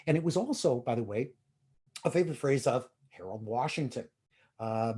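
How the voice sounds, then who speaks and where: Husky man giving a conference talk. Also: medium pitch, expressive, moderate pace, dark tone. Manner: conversational, frequent "uh" and "if you will". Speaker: conference presenter. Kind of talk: technical user-group talk.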